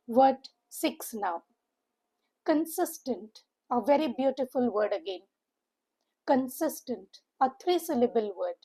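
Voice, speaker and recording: A woman's voice: sits high, a little mellow, rough recording. A woman teacher with an Indian English accent, giving an encouraging vocabulary lesson and repeating key words for emphasis. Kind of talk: slow, deliberate vocabulary lesson.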